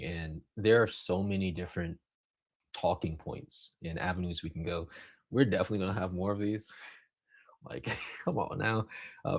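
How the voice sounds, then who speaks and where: A man leading an informal group discussion as instructor, energetic and talking in quick bursts. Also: lowish voice.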